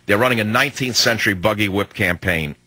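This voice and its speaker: A man's voice: lowish voice, fast talker, sharp tone, slightly rough, no room sound, rough recording. A combative talk radio host, a man in his sixties, delivering an emphatic, hectoring monologue on a studio microphone.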